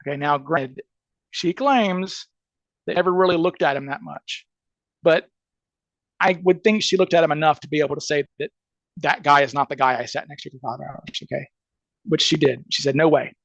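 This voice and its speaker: A man's voice: fairly high pitch, normal speed, long pauses, a bit bright, no echo, dull audio. A man with a Southern accent, a criminal defense attorney on a podcast interview, laying out a case emphatically and checking in with "okay?" and "right?" as he goes.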